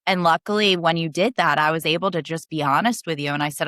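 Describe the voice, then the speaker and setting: A woman's voice: low-pitched, fairly quick, hardly any pauses, no room sound, studio quality. Earnest young woman telling her story. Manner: emotional, earnest, speeds up when excited. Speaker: guest, coaching student. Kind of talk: podcast interview, personal story.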